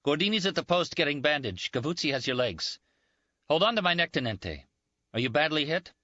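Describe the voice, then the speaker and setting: A man's voice: on the high side, sing-song, brisk, pushed and bright, no echo, voice pushed up, exaggerated voice. A man voicing a frightened young Italian ambulance driver who speaks urgently and apologetically, in a muffled dry recording. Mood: anxious.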